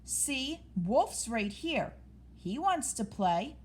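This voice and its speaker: A woman's voice: a little high, very animated, very slow, a little hiss or hum, pitched above the performer's own voice, full character voice. A sly, bullying storybook bobcat who snarls his words, voiced by a woman. His tone moves up and down a lot.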